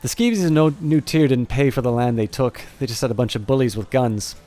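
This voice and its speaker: A man's voice: mid-range voice, brisk, dark tone, natural voice. A man voicing a brash, wry former ranger turned mercenary, blunt and folksy, in a near-everyday voice.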